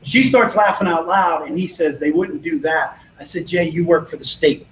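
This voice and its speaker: In an echoey room with a little noise, a man with a fairly high, slightly bright voice talks at a moderate pace. He's a network marketing trainer at an event venue, motivating a sales audience with stories in which he plays both speakers, sounding confident and persuasive throughout.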